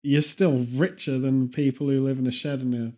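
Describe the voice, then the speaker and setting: A man's voice: mid-range voice, level tone, normal speed, dark tone. A man from Birmingham with a Birmingham accent, chatting casually and rambling, laughing often. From Birmingham, England. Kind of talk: casual chat.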